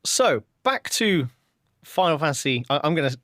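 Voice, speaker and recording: A podcast host chats casually in a fairly high, sing-song, slightly bright voice at a normal speed. He sounds hesitant and stumbles into restarts, and the recording is dry with clean studio sound.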